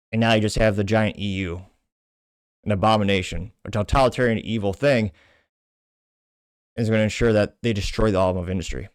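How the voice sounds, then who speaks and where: A man hosting a commentary show rants with indignant emphasis about politics and business. His voice sits a little low and sounds close and dry, with no room echo. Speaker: show host.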